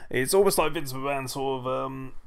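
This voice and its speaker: A man's voice: medium pitch, moderate pace, clear, resonant tone. A man hosting a wrestling podcast who reviews the show bluntly, swears often and sounds sarcastic and exasperated. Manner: blunt, profane ranting critic.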